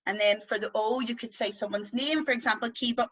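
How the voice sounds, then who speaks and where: A woman with a West Belfast accent leads a beginners' language class over a video call. Her voice sits a little high and rings very bright. She talks in a chatty, playful way and draws out vowel sounds to demonstrate them. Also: a little fast, hardly any pauses, lo-fi sound. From Northern Ireland. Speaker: Irish language teacher.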